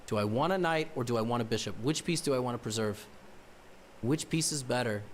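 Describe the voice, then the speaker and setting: A man streaming a chess game thinks aloud in a medium-pitched voice, a little fast, muttering and repeating words as he works out moves. Now and then he wryly teases his opponent, and there's a slight hiss or hum.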